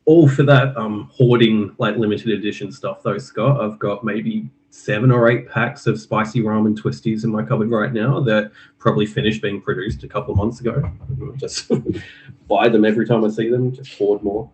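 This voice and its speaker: A man's voice: lowish voice, steady tone, moderate pace, a little mellow, rough recording. A man chatting easily as a guest, often laughing. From Australia. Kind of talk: casual chat.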